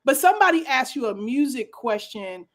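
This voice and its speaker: A woman hosting a live stream interview, enthusiastic and quick to react. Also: high-pitched, very animated, crowd noise. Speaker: host.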